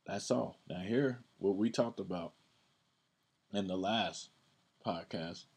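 A man's voice: sits low, slow, darkish tone, slightly rough. A man hosting a podcast, teaching from the Bible in a casual, conversational way, often repeating words and reading verses aloud with emphasis.

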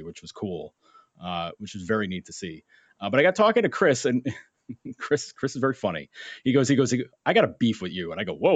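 A young man co-hosting a sports podcast, telling a story in a casual, animated way and acting out the voices in it. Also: fairly low pitch, no room sound. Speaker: podcast co-host. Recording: dull lo-fi sound, dry.

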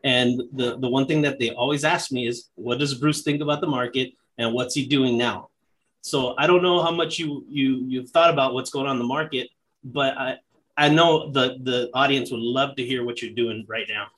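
Brief: male interview host, mid-pitched, halting questions full of fillers. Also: fairly even intonation, a bit bright, slight background noise, poor audio. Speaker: podcast host.

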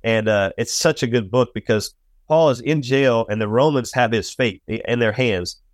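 A man's voice: normal speed, no echo, clean studio sound. A man, a professional golf caddie, talking earnestly in an interview and acting out quotes as he tells stories. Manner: earnest storyteller, acts out quotes with rising pitch. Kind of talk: faith-based interview talk.

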